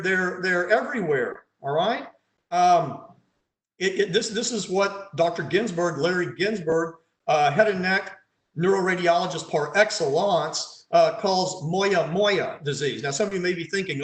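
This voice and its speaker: A man, a pathologist, leads an online case conference over slides, quizzing his audience and adding dry, sarcastic asides. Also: sits high. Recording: roomy echo.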